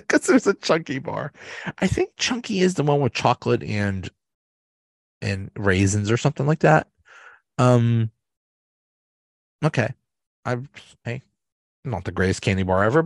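A man hosting a podcast, casually retelling sitcom episodes in a rambling, halting way with restarts and laughter. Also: lowish voice, expressive, no room sound. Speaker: podcast host. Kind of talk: casual solo recap.

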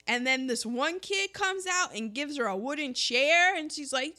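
A woman co-hosting a casual chat, recapping a story with lively energy and acting out the characters' lines. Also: fairly high pitch, normal speed, hardly any pauses. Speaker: podcast co-host.

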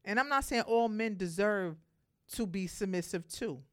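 A woman giving a motivational monologue to other women, speaking emphatically, telling animated stories and addressing her listeners directly. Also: mid-range voice, normal speed.

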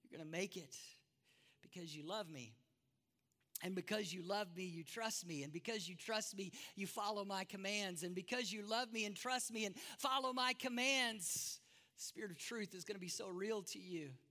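A preacher lowers his voice to bring in Jesus as a gentle, soothing teacher who speaks in a soft hush. The words ring out with a long reverb through a large hall. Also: fairly even intonation, normal speed, hardly any pauses, natural voice. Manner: soft, hushed, comforting.

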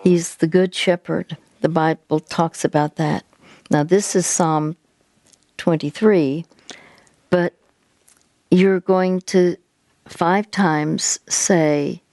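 A woman hosting a Christian call-in counseling show, gently coaching a caller and guiding her through slow deep breaths, with many halting restarts. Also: no echo. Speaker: radio counseling host.

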